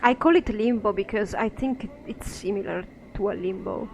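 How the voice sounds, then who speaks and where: A woman giving let's-play commentary, musing aloud in a soft, thoughtful way. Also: mid-range voice, normal speed, creaky, a little hiss or hum, rough recording. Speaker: game streamer.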